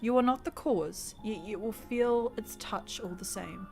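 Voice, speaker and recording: A woman voicing a cryptic, ominous stranger who speaks in slow, solemn riddles. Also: mid-range voice, a little mellow, faint music behind, close to an everyday voice.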